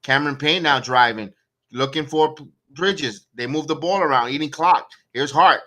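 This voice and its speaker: A man with a bright, fairly high voice calls a basketball game live for fellow fans. He reads out scores and plays in short bursts and swings between dry sarcasm and heated complaints about the coaching. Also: normal speed. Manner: excitable, sarcastic, rants at the coach. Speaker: watch-along play-by-play host. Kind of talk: live fan play-by-play commentary.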